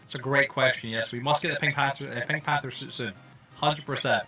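A young man from Scotland with a softened Scottish accent, chatting casually and rambling with lots of fillers while streaming a game. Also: mid-range voice, fairly even intonation, a little fast, faint music behind. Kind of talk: casual livestream chat while playing.

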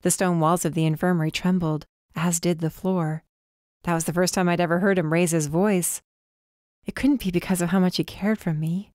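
A woman's voice: on the low side, fairly even intonation, normal speed, a little mellow, no room sound, clean studio sound. Woman narrating a fantasy novel. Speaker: audiobook narrator. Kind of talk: first-person novel narration.

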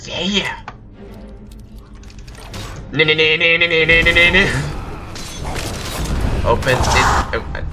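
A man's voice: on the high side, takes it slowly, pauses often, over music. A man giving goofy, rambling let's play commentary with sudden outbursts while he plays. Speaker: gameplay commentator.

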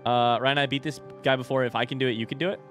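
A young man live-streaming a video game, reacting loudly and swearing when hit while chatting with viewers. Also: medium pitch, racing. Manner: excitable, swears and yelps when hit, reads chat aloud. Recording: game music behind voice. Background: game music.

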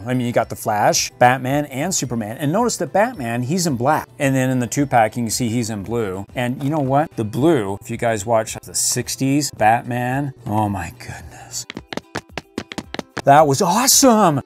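A middle-aged man doing an enthusiastic, jokey toy unboxing review. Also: medium pitch. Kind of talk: casual toy unboxing commentary.

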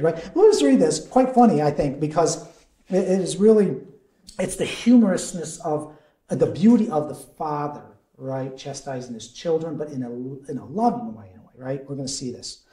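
A man in the role of a deacon, leading a conversational Bible study in an animated way, quizzing the group and chuckling often. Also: fairly high pitch, normal speed. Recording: echoey room.

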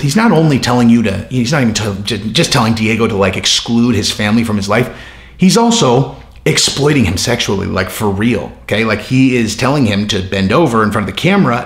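Guy ranting about mma, sarcastic and profane, roomy echo. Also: medium pitch. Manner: animated, profane, sarcastic riffing. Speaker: MMA commentator. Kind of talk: ranting commentary vlog.

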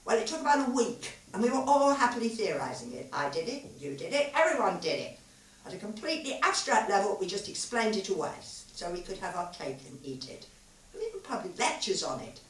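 Woman reading as a tipsy man, rambling physicist, lively swooping delivery, roomy hall, distant mic. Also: medium pitch, brisk, voice pushed up, close to an everyday voice. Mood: musing.

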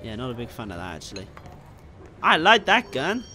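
A young man commentating his gameplay casually, excitable, often swearing and yelling at enemies. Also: medium pitch, a little fast, slight background noise. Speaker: gameplay streamer.

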